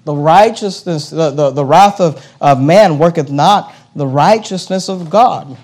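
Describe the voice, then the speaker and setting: A pastor, a man whose voice is strikingly high and a little mellow, builds his sermon on repeated phrases and rhetorical questions. He reads the scripture verses slowly and with care.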